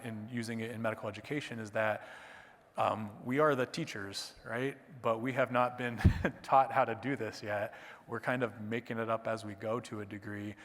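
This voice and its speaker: A man's voice: mid-range voice, a bit bright. A man giving a conference talk and taking audience questions, in a conversational manner that often tags points with "right?". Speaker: conference presenter, clerkship educator. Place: lecture hall. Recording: long reverb of a lecture hall.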